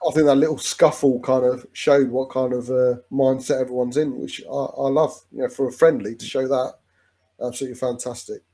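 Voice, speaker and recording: A man's voice: mid-range voice, fairly even intonation, brisk, warm tone. A man chatting casually as a fan co-host during a live football watch-along, rambling with restarts and calling his friend "mate".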